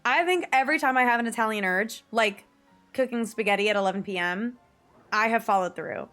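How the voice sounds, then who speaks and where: A woman's voice: on the high side, a little fast, a bit bright, faint music behind. Chatty young New streamer woman. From New York / New Jersey area. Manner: chatty, swears casually, laughs often. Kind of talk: casual chat to viewers while gaming.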